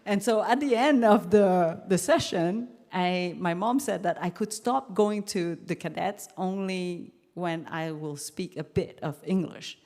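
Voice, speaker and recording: Halting woman in a reverberant hall. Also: fairly low pitch. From Vietnam. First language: French. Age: 50s. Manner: halting, many restarts and fillers, animated quotes. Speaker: guest lecturer. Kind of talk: university lecture, storytelling.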